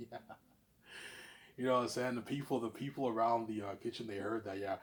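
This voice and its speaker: A man vlogging in a rambling, repetitive monologue, boastful and swinging between loud bursts and low mumbles. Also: moderate pace, pauses often. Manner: repetitive, boastful, keeps saying obviously.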